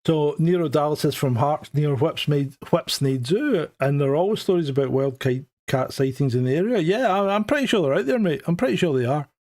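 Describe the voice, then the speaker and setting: A man's voice: on the high side, animated, brisk, few pauses, a little mellow. A Scottish man co-hosting a live stream in casual chat, joking and laughing at his own remarks. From Scotland. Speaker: co-host of a live show.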